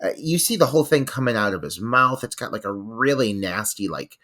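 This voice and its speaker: Animated, bright-voiced man praising a film. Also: medium pitch, brisk. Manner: enthusiastic, animated opinions with fillers. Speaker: podcast co-host. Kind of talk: casual movie discussion.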